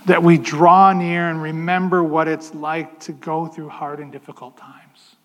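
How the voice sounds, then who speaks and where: A man preaching a sermon in a conversational way, slowing down to stress key points. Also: a little high, little pitch movement, in a large hall. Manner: conversational, slows down for emphasis. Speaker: pastor.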